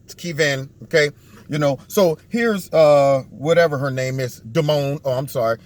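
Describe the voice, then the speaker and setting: A man giving sarcastic political commentary on a video, mocking the people he talks about. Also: moderate pace. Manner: mocking, acts out what others think in a low put-on voice.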